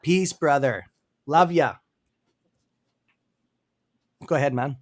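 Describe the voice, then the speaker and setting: A man's voice: fairly high pitch, moderate pace. A man with a Canadian accent hosting a live trading stream, enthusiastic and rambling, with lots of fillers. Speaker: livestream host. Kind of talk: casual livestream chat.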